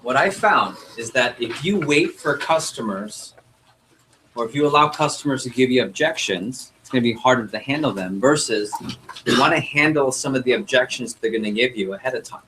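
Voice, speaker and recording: A young man running a sales training workshop, coaching a group and acting out customer dialogue in an energetic way. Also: medium pitch, normal speed, slight background noise, poor audio. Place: meeting room with group.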